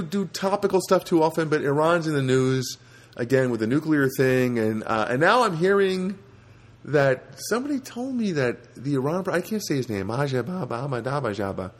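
Recorded on a home setup, a man runs his voice through a software filter for a rambling comedic podcast monologue. He keeps cutting himself off and restarting sentences, his pitch swinging lively.

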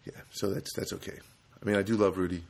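A man with a fairly low voice tells a funny story about his own life. He rambles with plenty of stops and restarts and grumbles at himself along the way. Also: steady tone, fast. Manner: self-deprecating, rambling, grumbling. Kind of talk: humorous anecdote monologue.

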